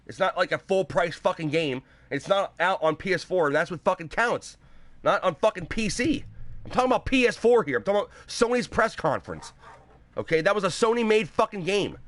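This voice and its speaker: A man's voice: high voice, a bit bright, dry recording. A young man hosting his own show, ranting about video games with heavy swearing and sarcastic mock quotes of other people. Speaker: show host. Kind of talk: ranting gaming commentary.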